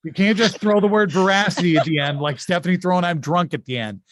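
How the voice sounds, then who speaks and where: A man hosting an improvised insult game from home over a video call, chatty, with quick asides and frequent laughs. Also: high voice, a loud crowd. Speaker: game show host.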